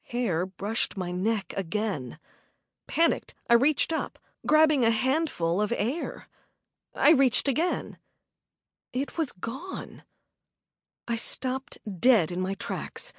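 Audiobook brief: woman, slow dramatic first-person narration, dry close sound. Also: fairly high pitch, big pitch swings, husky, no room sound. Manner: measured, dramatic storytelling.

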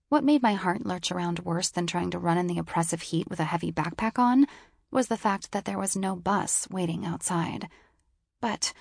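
A woman's voice: fairly low pitch, vocal fry, darkish tone, breathy edge, dry recording, studio quality. A woman narrating a first-person novel in a wry, sardonic storytelling manner. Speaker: audiobook narrator.

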